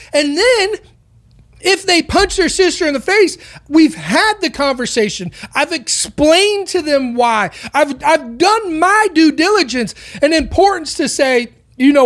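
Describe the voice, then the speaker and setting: A woman with a notably high voice hosts a podcast, ranting through an opinionated monologue. She talks with heat and keeps firing rhetorical questions. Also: lively intonation, measured pace. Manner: impassioned, full of rhetorical questions. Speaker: podcast host.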